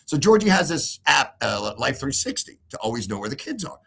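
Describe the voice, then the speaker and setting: Animated gravelly man telling a heated story. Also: mid-range voice, fairly quick. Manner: animated, acts out quoted voices, emphatic repetition. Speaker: interview guest.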